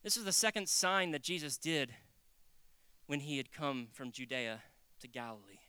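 A lively preacher with a bouncy, expressive pitch that climbs and falls constantly. The tone is bright and sharp, and the sound is close and dry, with no room echo. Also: normal speed, clean tone. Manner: animated, acts out quotes, jokes. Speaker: pastor. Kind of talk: conversational sermon.

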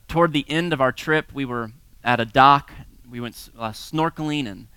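A man's voice: mid-range voice, smooth, no room sound. A man in his thirties or forties, from the United States, giving a sermon-style talk full of personal stories, chuckling often and acting out voices. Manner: lively storyteller, chuckles often, acts out voices. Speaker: pastor teaching a series.

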